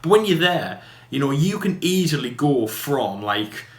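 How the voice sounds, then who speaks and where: A man co-hosting a podcast, chatting casually in a quick, rambling way full of fillers and restarts. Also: fairly high pitch, sing-song. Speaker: podcast co-host. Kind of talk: casual debate chat. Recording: echoey room.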